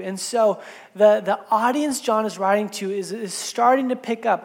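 A woman's voice: medium pitch, moderate pace. A woman pastor preaching a sermon in a church sanctuary, her voice ringing out with a long hall reverb. She tells the story conversationally, slipping in casual, chatty asides as she goes.

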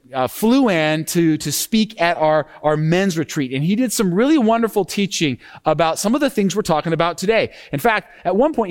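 A man preaching a sermon as pastor, lively and expressive, acting out tones when he quotes scripture. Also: fairly high pitch. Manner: animated preaching, acts out sarcastic tone when quoting scripture.

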